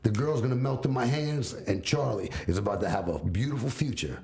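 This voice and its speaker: A man's voice: mid-range voice, expressive, brisk, creaky, a little mellow. A middle-aged man hosting a casual podcast, telling earnest personal stories and checking in with "you know what I mean". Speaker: podcast host. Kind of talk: casual mentoring chat.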